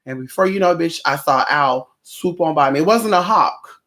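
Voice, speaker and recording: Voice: medium pitch, lively intonation, a little fast, a bit bright. A livestream host chatting casually with viewers in a sassy, profane way, calling them honey.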